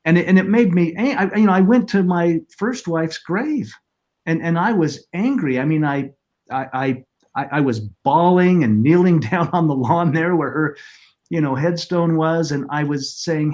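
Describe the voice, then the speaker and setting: A middle-aged man, a podcast guest, telling his personal story in an earnest, reflective, halting way. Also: a little high, a little mellow.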